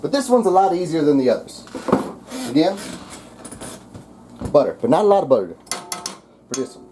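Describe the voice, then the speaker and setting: A man's voice: on the high side, big pitch swings, moderate pace, noisy background. A man with a Southern US accent showing how to cook at home, crude and joking, swearing casually as he goes. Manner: crude, profane, joking asides. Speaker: cooking vlogger. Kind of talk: casual cooking demonstration. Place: home kitchen. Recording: kitchen clatter of pots and cutlery. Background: clinking dishes and utensils.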